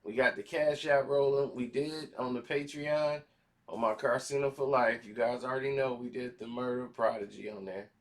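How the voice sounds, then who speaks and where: A man hosting a casual commentary vlog, talking in slangy, animated style and acting out quotes. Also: medium pitch, moderate pace. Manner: animated, slangy, acts out quotes in other voices. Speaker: commentary channel host.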